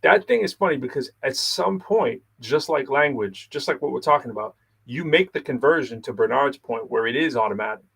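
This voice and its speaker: A man's voice: mid-range voice, lively intonation, brisk, gravelly, a bit bright, slightly rough. A man co-hosting a podcast, talking in an easygoing, casual way and laughing often. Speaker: podcast co-host.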